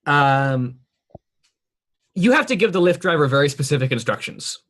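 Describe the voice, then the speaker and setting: Halting man running a tabletop game. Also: fairly high pitch, expressive, fairly bright tone. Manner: halting, filled with ums and restarts. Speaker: game master.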